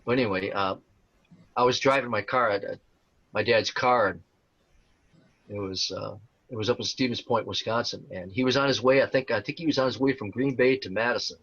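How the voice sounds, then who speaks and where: A man's voice: mid-range voice, brisk, a bit bright, husky, dry recording. A man in his sixties, an interview guest telling stories in a rambling way with many fillers and restarts. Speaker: interview guest, tribute performer. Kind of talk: casual storytelling interview. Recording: dull lo-fi sound.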